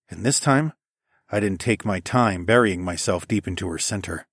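A man narrating an erotic audiobook in a soft, intimate, often hushed voice. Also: fairly low pitch, dry recording, studio quality.

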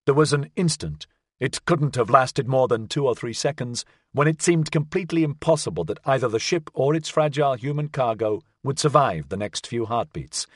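A man reading a science fiction audiobook as narrator, with a measured, expressive delivery. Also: medium pitch, no room sound, clean studio sound. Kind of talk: scripted narration.

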